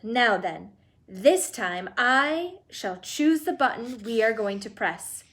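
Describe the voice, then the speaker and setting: A woman's voice: fairly high pitch, lively intonation, fairly bright tone, heavily acted. A woman reading aloud and voicing an exuberant, eccentric male candy-maker who gushes with theatrical enthusiasm. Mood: delighted. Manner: gushing, theatrical, fast-shifting enthusiasm.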